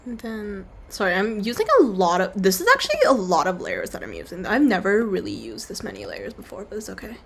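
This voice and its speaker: A woman's voice: medium pitch, big pitch swings, brisk, vocal fry, hardly any pauses, slightly rough. A young woman chatting casually while she draws on a stream, rambling, apologizing and slipping into silly voices. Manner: rambling, self-deprecating, breaks into silly voices.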